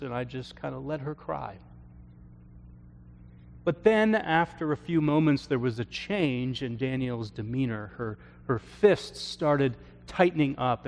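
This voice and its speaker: A man, a pastor, telling a story from his counseling work in an earnest sermon, often trailing off softly at the ends of phrases. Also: medium pitch. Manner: slow, earnest storytelling with soft trailing endings. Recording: long hall reverb.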